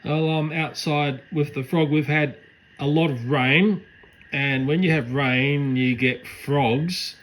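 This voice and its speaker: In a rough recording, a man with a fairly high, slow, evenly intoned voice gives casual vlog commentary in his night-time backyard garden. Returning garden creatures outside, he talks affectionately to his cats and the camera while frogs and crickets sound faintly.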